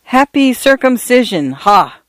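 A man reading a story aloud, voicing a genial older priest with an easy, chatty, gently teasing manner. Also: extremely high pitch, very animated, measured pace, no echo, pitched above the performer's own voice, heavily acted.

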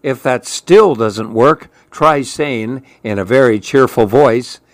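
A man reading a children's picture book aloud in a gentle, playful way. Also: medium pitch, dry recording. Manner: gentle, playful, slow storytelling. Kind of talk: storybook read-aloud.

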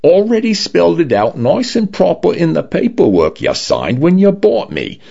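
A man's voice: on the high side, huge pitch swings, normal speed, vocal fry, slightly rough, dull audio, voice pushed up, full character voice. A man voicing a bossy but friendly male smart-home condo with a British, slightly Cockney accent, in a radio story reading. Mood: lecturing. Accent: British, leaning Cockney. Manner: bright, friendly, patronizing.

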